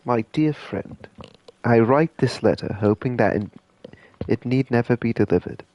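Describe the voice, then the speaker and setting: A man reading as a solemn, halting wizard. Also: medium pitch, darkish tone, no echo, dull audio, close to an everyday voice. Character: earnest wizard writing a farewell letter.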